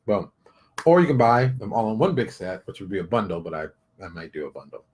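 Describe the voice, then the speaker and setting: A man in a casual livestream chat as a game publisher and artist, rambling and thinking aloud with animated swings in pitch. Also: brisk, slight background noise.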